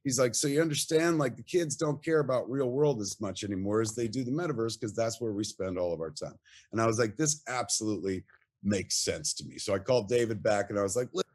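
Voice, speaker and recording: A man's voice: lowish voice, fast talker, a little mellow. A middle-aged man, a podcast guest telling rambling, profane anecdotes full of acted quotes. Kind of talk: animated storytelling.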